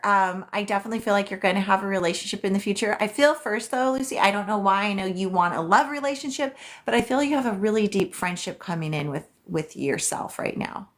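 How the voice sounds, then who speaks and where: A woman's voice: medium pitch, a bit bright. A woman working as a psychic reader, hosting a casual live stream where she answers viewers' questions in a chatty way, with many "um"s and "like"s.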